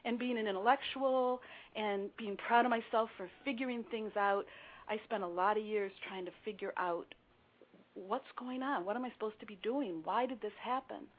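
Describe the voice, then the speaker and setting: A woman's voice: on the high side, moderate pace. An older woman guest telling her life story earnestly in a radio interview. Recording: phone-like narrow sound.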